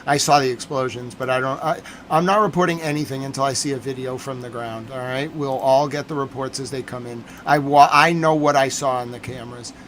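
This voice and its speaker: A man talking on a live stream about breaking news, worked up and insistent, repeating himself as he goes. His voice sits at an ordinary middle pitch. His delivery swings between hurried bursts and slow, heavy stresses. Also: fairly even intonation, a bit bright, a little hiss or hum. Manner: agitated, emphatic, repeats himself. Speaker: livestream news commentator.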